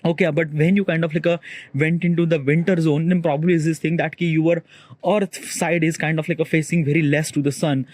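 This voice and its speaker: Man, rambling self-recorded vlog on a cold rooftop, filler-heavy, slightly high voice, dry close sound. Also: little pitch movement, darkish tone, no room sound. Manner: talks fast, chides himself to slow down. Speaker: vlogger. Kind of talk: rambling solo monologue. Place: rooftop outdoors in cold morning.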